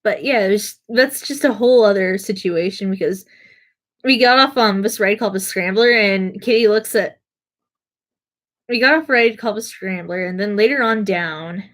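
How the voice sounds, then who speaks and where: A woman's voice: mid-range voice, moderate pace. A young adult woman streaming to her viewers, with an ordinary mid-range voice. She rambles from one story to the next, mocks herself and laughs as she talks. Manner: rambling, self-mocking, laughs through her stories. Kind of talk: casual storytelling.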